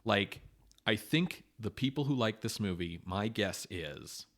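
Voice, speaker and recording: Animated, deep-voiced male podcast co-host. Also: a little slow. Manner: animated, swearing, acts out quotes. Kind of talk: casual podcast chat.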